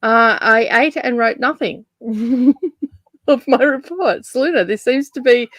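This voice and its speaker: A woman's voice: fairly high pitch, slow pace, dry recording. Laughing Australian woman, dry close sound. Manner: laughs often, reads out viewer messages. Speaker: livestream host. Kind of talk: casual chat.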